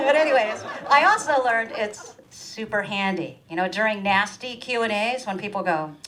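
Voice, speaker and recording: Animated woman doing stand-up. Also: moderate pace, a faint crowd, slight background noise, rough recording. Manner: animated, acts out quoted voices with big pitch jumps. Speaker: stand-up comedian. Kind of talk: stand-up comedy monologue. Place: small performance room.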